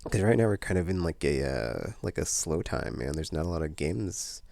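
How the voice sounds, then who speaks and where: Very low-voiced rambling man, gravelly. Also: lively intonation, moderate pace, darkish tone, no room sound. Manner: meandering, many fillers and restarts. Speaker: vlogger. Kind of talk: casual rambling chat.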